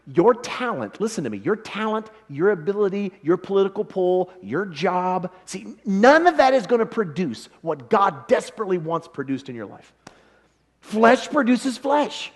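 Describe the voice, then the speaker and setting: Animated, lively-pitched male preacher. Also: husky. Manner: animated, conversational, acts out quoted voices. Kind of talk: lively revival sermon. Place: church.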